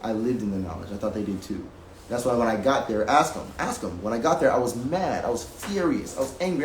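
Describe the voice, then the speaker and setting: A man's voice: mid-range voice, expressive, brisk. A man in a rambling, profane rant at his home music setup, talking emphatically and repeating himself while reacting to a video. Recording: roomy with faint background hiss.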